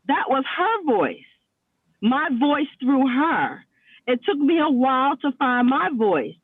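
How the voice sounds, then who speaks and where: A woman's voice: high voice, big pitch swings, slow, no echo. A woman calling in to a talk show, coaching the hosts with reflective questions. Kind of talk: casual chat. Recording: tinny phone line.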